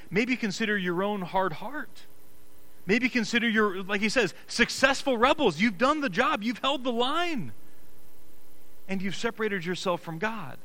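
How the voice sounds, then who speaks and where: In poor audio, a male pastor preaches earnestly and emphatically, swinging between soft, low moments and raised, insistent ones while restarting frequently.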